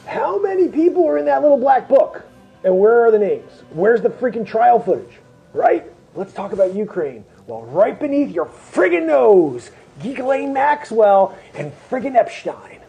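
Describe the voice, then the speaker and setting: A man's voice: very high voice, very animated, unhurried, vocal fry, dark tone, breathy edge, dull audio, faint music behind. A man hosting a comedy news show, reading headlines and riffing brashly, peppering his lines with mild swears. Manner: brash, jokey, peppers speech with 'freaking' and 'friggin''.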